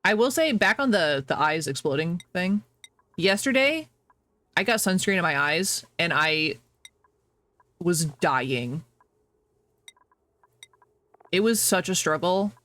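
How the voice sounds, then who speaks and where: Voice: medium pitch, expressive, slow pace, pauses often, bright, forceful tone. A game streamer chatting casually to viewers while playing, laughing often and apologizing a lot. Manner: talks to chat, reacting to the game.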